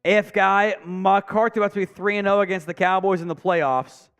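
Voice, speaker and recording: A high-pitched man calls plays on a live fan stream, then rants and swears about his team's choices. He reads viewer messages aloud between plays. Faint music plays under his voice. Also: fairly even intonation, normal speed, fairly bright tone, clean tone. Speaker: sports stream host. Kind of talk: live play-by-play and fan commentary.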